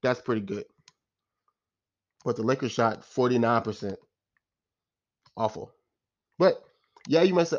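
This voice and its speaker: A man's voice: medium pitch, animated, normal speed, long pauses, dull audio. A man giving a casual, exasperated post-game rant as a sports fan, repeating himself and using slang.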